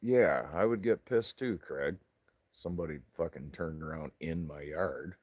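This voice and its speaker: A man with a very low voice talks at an unhurried, drawling pace. He chats casually and profanely, laughing often with a laid-back manner. The sound is close and dry, with no room around it. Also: a little mellow, dry recording.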